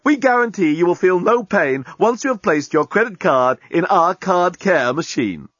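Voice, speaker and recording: A man's voice: high voice, animated, moderate pace, a bit bright, no echo, dull audio, voice pushed up. A man voicing the cheery automated welcome machine of a ship's medical center, with glib advertising patter. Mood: salesy.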